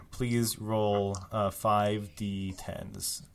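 A man running a tabletop game as game master, narrating in a relaxed way with many fillers. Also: lowish voice, extremely slow, gravelly.

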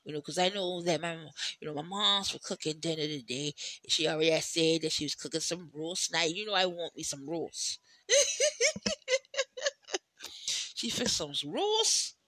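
Podcast host, casual solo chat, bright forward tone, mid pitch, swears and laughs, rambling asides, close dry mic. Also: very animated, measured pace, no room sound. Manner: loose, chatty storytelling with swearing and frequent laughs; talks in rambling asides with many "you know"s.

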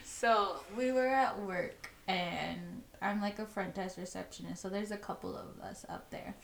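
A woman's voice: mid-range voice, a little slow, creaky, a little hiss or hum. Giggly woman in a roomy space. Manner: giggly, animated, lots of "like". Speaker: podcast co-host. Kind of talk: casual chat, storytelling. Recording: roomy echo.

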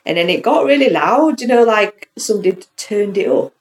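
A woman's voice: medium pitch, animated, fairly quick. A woman from the North of England telling a ghost story in a casual podcast chat, acting out the voices in it and laughing often. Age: adult with a child. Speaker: podcast co-host.

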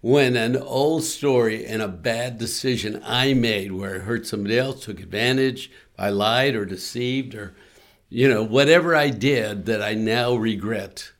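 A man's voice: medium pitch, measured pace. A man co-hosting a faith-based podcast, earnestly leading listeners through a spoken forgiveness prayer in a pastoral way. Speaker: co-host.

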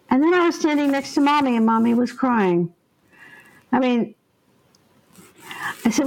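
High-pitched and moderately paced, her speech is broken by frequent pauses, and the audio quality is poor. She is an older woman and ghost helper interviewed on a podcast, a vivid, earnest storyteller who acts out each voice.

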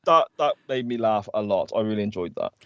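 A man with a lowish voice co-hosts a podcast, walking through a TV episode's plot in steady, agreeable recaps. His audio is a little dull and lo-fi. It is dry, with no room echo. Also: brisk. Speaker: podcast co-host. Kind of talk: casual chat recapping a TV episode.

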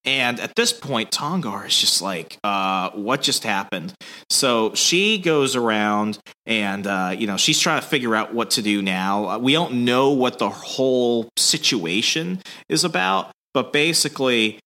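A man's voice: mid-range voice, animated, a little slow, hardly any pauses, pushed and bright. A man hosting a podcast, casually recapping a comic in a loose, swearing style. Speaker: podcast host.

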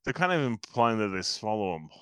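A man with a low voice but a bright, forceful edge trades wisecracks and teasing asides in a casual movie chat. The recording is dry and close-miked. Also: big pitch swings, a little fast, smooth, dry recording. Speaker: podcast co-host reviewing a movie.

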